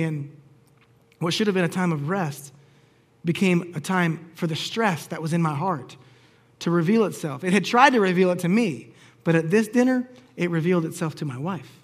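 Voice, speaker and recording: A pastor telling a personal story in a sermon, acting out the lines of the people in it with humor. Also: male voice, high-pitched, husky. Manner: storytelling, acts out quoted dialogue with humor.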